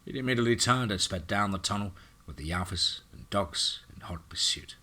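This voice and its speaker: A man's voice: low voice, animated, fairly quick, sharp tone. A man narrating a scripted action horror story in a dramatic reading.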